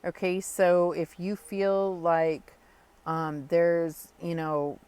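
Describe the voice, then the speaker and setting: Woman, tarot reader, low voice, thoughtful pauses, reassuring, speaks to the listener. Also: little pitch movement, darkish tone, clean tone. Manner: earnest, reassuring, addresses listener directly; thoughtful with frequent pauses and fillers. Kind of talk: spoken tarot reading to viewers.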